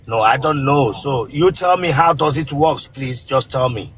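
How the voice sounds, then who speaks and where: A man with a Nigerian accent whose first language is Igbo, hosting a comic live stream in a blunt, teasing way and breaking into shouts. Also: medium pitch, moderate pace, slight background noise. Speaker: comedian host of a live stream.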